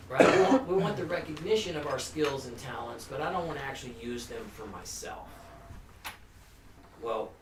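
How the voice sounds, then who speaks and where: A man, a recovery counselor, giving an informal, earnest talk to a family group, with restarts and frequent "you know". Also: mid-range voice. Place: meeting room. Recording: echoey room, distant mic, faint hum.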